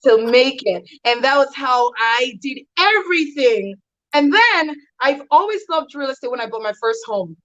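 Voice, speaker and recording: Woman from nigeria, realtor guest on an interview, high voice, tells her story with lots of punch and acts out the quotes. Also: normal speed, lo-fi sound. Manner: emphatic, lively storyteller who acts out quotes.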